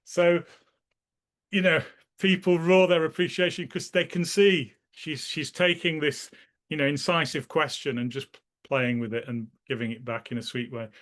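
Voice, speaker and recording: A man's voice: on the high side, steady tone, normal speed, fairly bright tone. A man being interviewed, casually recalling memories in a rambling way, often restarting his sentences and acting out the people in his stories. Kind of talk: casual spoken recollection.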